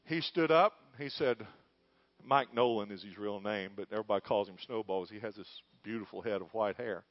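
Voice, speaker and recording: A pastor preaches a sermon, telling a story that builds with growing fervor into passionate shouting. His voice is on the low side and fairly quick, captured in a dull, dry, lo-fi recording with no echo.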